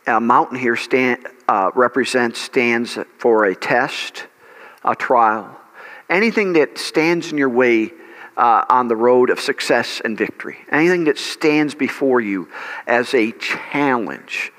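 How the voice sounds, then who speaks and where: A man's voice: medium pitch, unhurried, fairly bright tone. Emphatic male pastor in a reverberant hall. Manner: emphatic, repeats key words, asks the congregation questions. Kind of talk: sermon. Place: church sanctuary.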